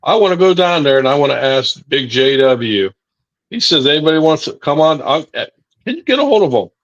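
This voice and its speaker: A man's voice: mid-range voice, very animated, moderate pace, a bit bright. Lo-fi sounding man, indignant podcast co-host. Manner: indignant, profane, repetitive. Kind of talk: live sports podcast chat.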